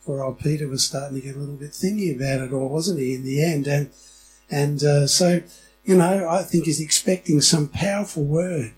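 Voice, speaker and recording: A middle-aged man preaches in a loose, chatty way, often turning questions back to the people in front of him. His voice sits a touch high for a man. Soft music plays faintly underneath. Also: normal speed, low-quality recording. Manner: conversational, asks the congregation questions. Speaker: pastor. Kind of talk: sermon.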